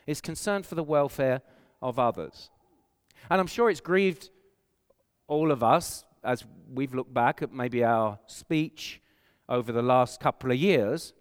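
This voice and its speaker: A man with an English accent preaches earnestly, stressing points and asking rhetorical questions. His voice sits at a middling pitch. It rings out with a long reverb, as in a church hall. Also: smooth. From England. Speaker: pastor. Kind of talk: sermon.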